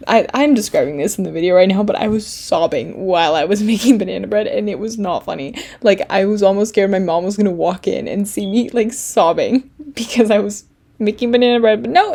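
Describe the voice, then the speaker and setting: A woman's voice: medium pitch, warm tone. A young woman from France chatting casually about a book she loved, with many fillers and repeated words. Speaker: book vlogger. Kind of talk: casual vlog talk.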